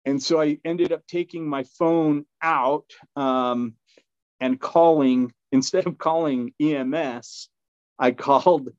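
Appearing as a podcast guest, a man with a middle-pitched voice rambles through a casual story, with fillers, restarts and quick laughs. The low-fidelity recording sounds dull, dry and close, with no room sound.

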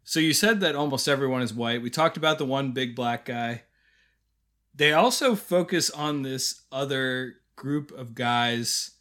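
A man's voice: medium pitch, a little slow, a bit bright. A man co-hosting a podcast, casually retelling scenes and laughing often. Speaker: podcast co-host. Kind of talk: casual review chat.

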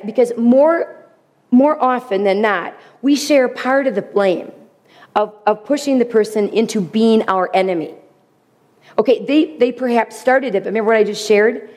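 A woman's voice: a little high, moderate pace, a little mellow. A middle-aged woman giving an earnest faith teaching to a group, acting out quoted speech in changing voices. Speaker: Bible teacher.

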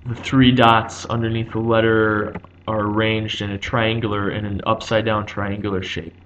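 A man's voice: lowish voice, little pitch movement, normal speed, fairly bright tone, highs cut off, a little hiss or hum. A man giving an unscripted explanation like a teacher. He thinks aloud, with frequent ums and restarts.

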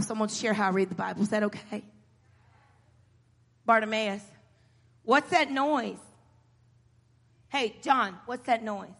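A woman preacher delivering a sermon in a church hall, moving from quiet storytelling to shouted exhortation. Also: on the high side. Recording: long hall reverb.

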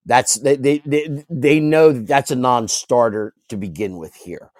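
Guy on a panel call, mellow dry voice, keeps stumbling over words. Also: mid-range voice, no echo. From United States. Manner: halting, repeats words, trails off. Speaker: panel guest. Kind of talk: casual panel chat.

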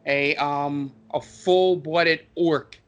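A man narrates a tabletop game as game master in a fairly high, bright voice. He stops often with ums and uhs as he goes. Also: fairly even intonation, highs cut off. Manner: halting, with many ums and uhs.

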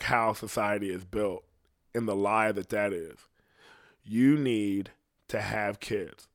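A man's voice: mid-range voice, dry recording, studio quality. A man doing a stand-up comedy monologue, rambling and swearing constantly. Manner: profane, rambling, fast.

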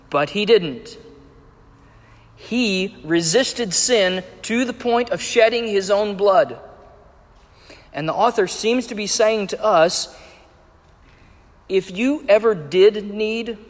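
A man preaching a sermon, measured and emphatic as he reads and explains scripture. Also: high-pitched. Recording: echoey hall with long reverb.

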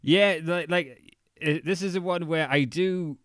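A man's voice: fairly high pitch, unhurried, clean tone, dry recording, studio quality. A man co-hosting a casual podcast chat, retelling a story with joking asides. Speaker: podcast co-host. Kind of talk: casual chat recapping a documentary.

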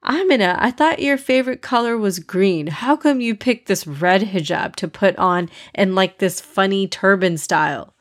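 A woman's voice: medium pitch, normal speed, hardly any pauses, natural voice. A woman voicing a cheeky young boy who teases his sister, in a storybook reading. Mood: teasing. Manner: teasing, lively. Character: cheeky young boy, teasing big brother.

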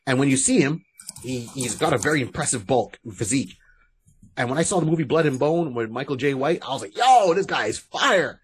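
Fast and slightly rough, this mid-range male voice belongs to a podcast co-host who rambles through casual chat, full of restarts and side comments.

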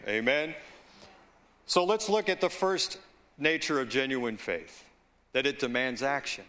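Bright-voiced slow-preaching man. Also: medium pitch, lively intonation. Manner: slow, deliberate preaching with asides and call-outs to the congregation. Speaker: pastor. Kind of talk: sermon.

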